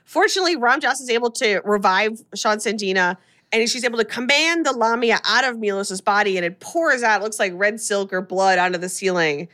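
A woman hosting a casual podcast chat, retelling a horror movie plot with animated storytelling and acted-out lines. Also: mid-range voice, fairly quick. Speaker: podcast host recapping a film.

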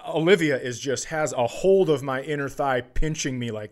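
A man's voice: mid-range voice, moderate pace. A man hosting a podcast, chatting casually and telling a profane story while acting out quotes. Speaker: podcast host.

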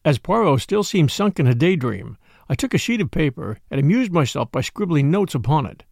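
A man reading a detective story aloud as an audiobook narrator, in steady storytelling. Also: on the high side, fairly quick, creaky, dry recording, clean studio sound. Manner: steady storytelling, voicing each figure.

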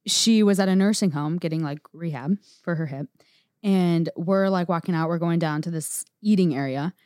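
A woman's voice: on the low side, moderate pace, a little mellow, dry recording, clean studio sound. A woman telling an anecdote in casual chat, laughing as she goes and acting out what people said. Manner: chatty, laughs while telling, acts out quotes.

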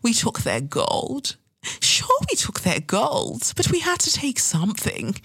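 A woman's voice: on the high side, wildly swooping pitch, a little slow, a bit bright, husky, no room sound, voice pushed up, exaggerated voice, poor audio. A woman voicing a pompous upper-class English snob in a posh accent, drawling and condescending. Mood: snooty.

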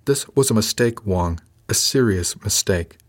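A man's voice: on the low side, lively intonation, measured pace. A man doing a snappish, bullying crewman. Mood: menacing. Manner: snappish, threatening. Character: hostile, bullying male crewman.

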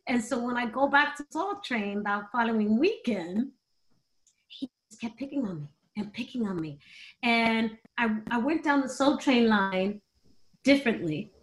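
High-voiced woman telling candid stories. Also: measured pace. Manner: animated, laughs between stories. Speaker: guest. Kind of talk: candid storytelling interview.

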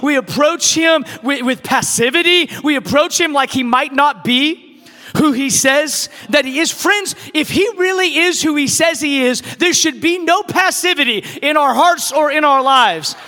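A man's voice: extremely high pitch, measured pace, pushed and bright. A male pastor preaching a sermon, building with emphatic repeated phrases. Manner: preaching with rising, emphatic repetition. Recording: echoey hall.

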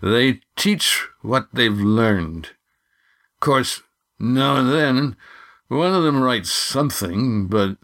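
Man doing a drunk man, slurred, dragging slowly, storybook reading. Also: mid-range voice, animated, fairly bright tone, pitched above the performer's own voice, heavily acted. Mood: slurred, sluggish. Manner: slow, slurred speech.

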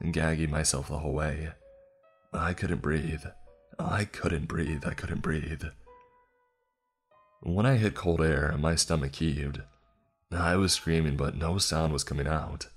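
Man, extremely deep voice, scripted horror narration, grim and steady, faint music behind.

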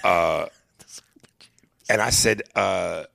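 A man co-hosting a casual chat, talking animatedly and profanely and slipping into quick impressions. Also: low-pitched, gravelly, bright, forceful tone, dry recording, studio quality. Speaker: podcast co-host. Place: hotel room.

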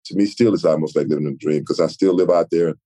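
A man from Texas in his sixties, a retired football player telling animated stories in an interview. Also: sits low, fast. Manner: animated storyteller, acts out quoted voices. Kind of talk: storytelling interview.

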